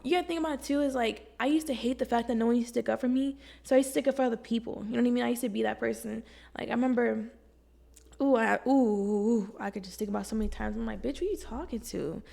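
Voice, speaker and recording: A young woman talks straight to the camera at home, blunt and slangy, swearing freely as she gives self-help advice. Her voice sits a little high and crackles with strong, gravelly fry. She sounds animated and casual, like she is talking to a friend. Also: fast talker. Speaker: vlogger.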